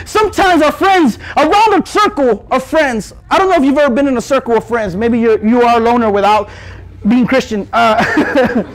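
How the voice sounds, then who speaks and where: A young man preaching to youth, animated and joking, rising to shouts as he pleads. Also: extremely high pitch, low-quality recording. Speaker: youth pastor. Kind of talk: youth sermon.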